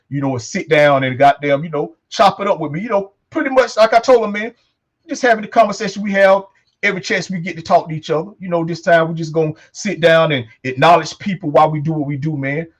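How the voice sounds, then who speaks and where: Fast-talking, profane male talk host. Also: on the high side. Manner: loose, profane, repeats "man" and "you know what I'm saying". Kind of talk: casual talk show chat.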